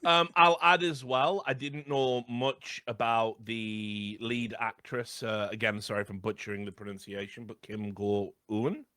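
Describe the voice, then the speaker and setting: A man's voice: mid-range voice, fairly even intonation, normal speed, few pauses, bright, forceful tone, smooth, no room sound, clean studio sound. A man co-hosting a podcast, chatting about a film in a rambling way with lots of ums. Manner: rambling, hesitant, many fillers. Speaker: podcast co-host. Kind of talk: casual film discussion.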